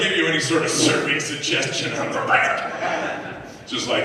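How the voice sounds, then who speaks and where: A man performing a profane, animated stand-up set on a live comedy club stage, acting out voices and shouting punchlines. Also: medium pitch, normal speed, background noise. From United States. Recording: echoey club room recorded from a distance. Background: audience laughter.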